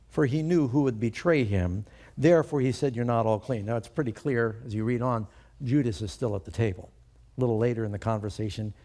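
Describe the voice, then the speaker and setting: A man's voice: mid-range voice, warm tone. A male pastor preaching a sermon, emphatic and putting rhetorical questions to his congregation.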